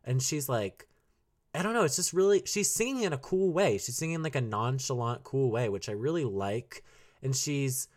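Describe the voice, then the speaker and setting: A man's voice: medium pitch, lively intonation, normal speed. A young man hosting a casual solo podcast, chatting and rambling as he reviews songs, laughing often and singing bits of lyrics. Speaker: podcast host reviewing albums.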